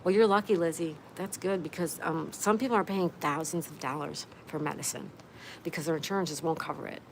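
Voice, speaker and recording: A woman's voice: low voice, fairly even intonation, fairly quick, a little hiss or hum. A middle-aged woman hosting a casual livestream, reading out viewer comments in a chatty, friendly way. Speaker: livestream host.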